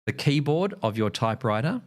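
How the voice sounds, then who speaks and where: A man's voice: mid-range voice, sing-song, a little fast. An Australian man streaming, chatting casually and telling a meandering story full of ums and uhs.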